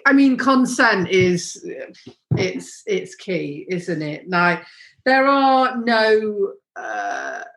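Brief: woman, podcast guest, frank and earnest, mid pitch, roomy echo. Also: sing-song, drawn-out words, fairly bright tone. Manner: frank, earnest, many restarts. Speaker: podcast guest, sex expert. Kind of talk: casual podcast conversation.

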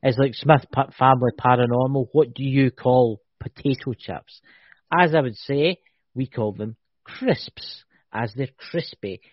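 A man with a Scottish accent and a medium-pitched voice hosts a casual podcast chat at an unhurried pace. He banters and teases, stretching out words when explaining things. The recording is dry, with no room sound, and has a dull lo-fi quality.

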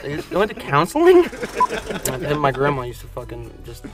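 A man's voice: a little high, wildly swooping pitch, moderate pace, over music. A man co-hosting a podcast, swearing freely and joking with the others. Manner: profane, jokey, breaks into silly put-on voices. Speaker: podcast co-host. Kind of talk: crude casual banter.

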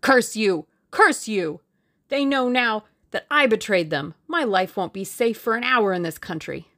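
A woman voicing a panicked man who has betrayed his gang, speaking in a frantic, shrill, urgent voice. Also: lively intonation, moderate pace. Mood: bitter, desperate. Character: panicked Russian man, a traitor in terror.

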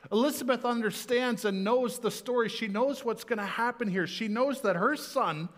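A man preaching a sermon in a conversational, animated way, slowing down to stress key words. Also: very high voice. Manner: conversational, animated, slows for emphasis.

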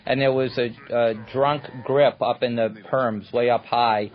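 A mid-pitched man talks through a film commentary, explaining how scenes were shot and telling stories from the set. The recording is dull and lo-fi, with the top end rolled off. His tone is steady and explanatory. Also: unhurried. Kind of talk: anecdotal commentary.

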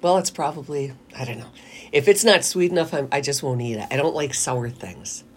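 A woman's voice: low voice, fairly quick, a little hiss or hum. A woman co-hosting a radio talk show, chatting casually, teasing and laughing often. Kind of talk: casual on-air banter.

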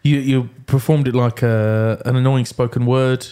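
A man's voice: medium pitch, fairly even intonation, normal speed, warm tone, clear, resonant tone. A man co-hosting a podcast in a casual chat, wry, often stumbling and restarting. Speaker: podcast co-host.

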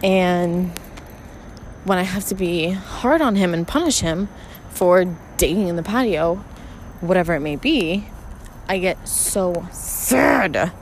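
A woman's voice: lowish voice, lively intonation, measured pace, slight background noise, rough recording. A woman podcast host ranting frankly and with plenty of swearing while out walking her dog, recorded on a phone. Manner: rambling, profane, frank. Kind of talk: casual solo rant. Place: outdoors on a walk with her dog.

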